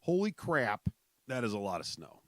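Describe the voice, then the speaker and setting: A man's voice: medium pitch, big pitch swings, normal speed, no room sound. A man from South Dakota hosting his own podcast, rambling in casual chat with many fillers and restarts. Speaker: podcast host.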